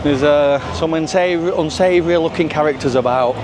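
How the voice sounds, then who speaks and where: A man's voice: a little high, a little fast. Chatty Yorkshire man on a noisy street. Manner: chatty, rambling, broad dialect. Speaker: travel vlogger. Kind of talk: casual walking vlog. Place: busy street outdoors at night. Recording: street noise with passing traffic.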